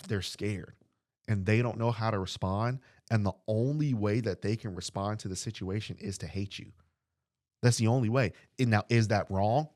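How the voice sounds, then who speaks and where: Recorded cleanly in a studio with no echo, a man with a fairly low voice delivers an earnest podcast sermon. He repeats phrases, asks his listeners questions and acts out brief dialogues.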